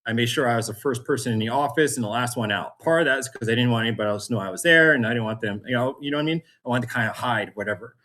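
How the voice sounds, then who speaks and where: Male guest; animated storyteller who does voices of people in his story. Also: mid-range voice, very fast, few pauses. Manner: animated storyteller, acts out voices, laughs often. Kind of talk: storytelling interview.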